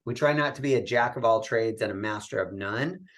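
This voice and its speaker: A man talking as a guest in a podcast interview, coaching in an animated way and often ending his points with a quick "right?". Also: fairly low pitch. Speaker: real estate coach, guest.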